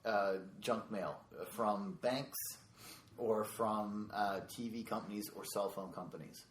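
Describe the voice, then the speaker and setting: A man's voice: fairly low pitch, steady tone, takes it slowly. A man, a stand-up comedian, chatting casually on a podcast in a rambling way full of fillers. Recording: echoey room with faint noise.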